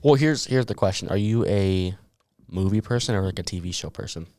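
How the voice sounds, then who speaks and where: A man's voice: deep voice, a little mellow, no room sound, clean studio sound. A young man co-hosting a podcast in an easygoing, casual chat. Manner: easygoing, quick asides. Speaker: podcast co-host.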